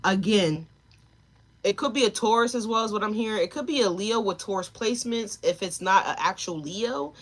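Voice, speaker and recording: A woman's voice: medium pitch, normal speed. A woman giving a live tarot reading, talking straight to her viewers and chat, emotional and tearful at times. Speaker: tarot reader.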